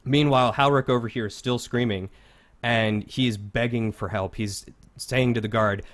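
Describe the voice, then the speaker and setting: A man's voice: medium pitch, fairly even intonation, moderate pace. Casual man running a tabletop game. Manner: casual, filler-heavy narration. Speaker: game master.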